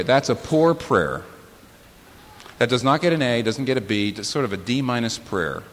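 A man preaching a sermon as the pastor, swinging from low, slow, weighty phrases to sudden high, loud outbursts. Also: very animated. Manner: impassioned preaching with sudden rises in pitch and volume and slow, weighty pauses. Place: church sanctuary. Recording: sermon in a large reverberant hall with faint hiss.

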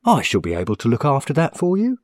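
A man's voice: mid-range voice, huge pitch swings, fast talker, no room sound, clean studio sound, pitched above the performer's own voice. A man doing an eager young shop assistant.

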